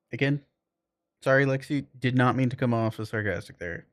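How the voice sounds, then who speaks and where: This game streamer has a medium-pitched voice and talks a little fast, rambling casually to his viewers with lots of filler words. The sound is dry and clean, like a studio recording.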